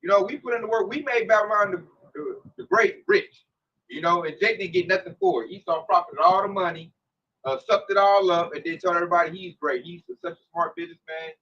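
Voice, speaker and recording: High bright-voiced guy preaching casual, slangy and punchy, dull muffled sound. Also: fairly quick, far from the mic. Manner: slangy, emphatic, animated. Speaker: religious discussion leader. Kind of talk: casual religious commentary.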